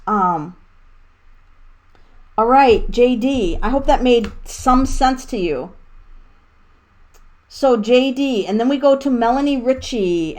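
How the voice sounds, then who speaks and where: A woman giving a casual tarot reading to her viewers, excitable and rambling, with laughs and the odd swear. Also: fairly high pitch. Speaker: tarot reader.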